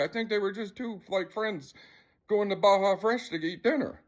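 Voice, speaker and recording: A man's voice: high voice, normal speed. A man vlogging to camera, retelling an incident in a rambling, agitated and profane way. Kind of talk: casual storytelling to camera.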